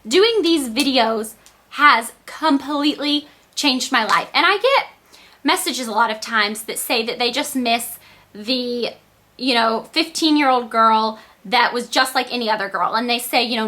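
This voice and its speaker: A teenage girl with a Southern accent talks straight to her viewers in a loose, rambling vlog. Her voice is bright and a touch high, with a squeaky edge. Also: a little slow. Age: teens. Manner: rambling, chatty, animated. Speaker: beauty vlogger. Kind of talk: casual chat to camera.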